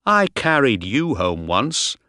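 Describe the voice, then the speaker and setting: A man reading an audiobook voices a calm, steady male traveler. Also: medium pitch, slow, no room sound, clean studio sound, heavily acted.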